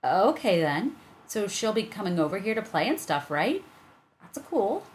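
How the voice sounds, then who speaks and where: A woman reading aloud, voicing a boy in a higher, louder voice. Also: big pitch swings, normal speed, lightly acted. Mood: pleased. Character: boy, upset and excitable.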